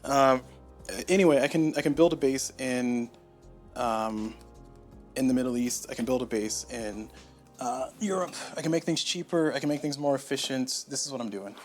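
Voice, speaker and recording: A man talks through a solo board game on a lapel mic, thinking aloud and muttering asides to himself. His voice sits at an ordinary middle pitch. Faint music plays behind him. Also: moderate pace. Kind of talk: casual solo playthrough commentary. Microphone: lapel mic on shirt.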